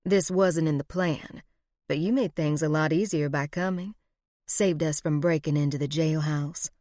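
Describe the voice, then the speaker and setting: A woman voicing a scheming, flirtatious frontier woman outlaw with a slow, purring, teasing drawl. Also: low-pitched, steady tone, dark tone, no echo, clean studio sound, natural voice. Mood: matter-of-fact.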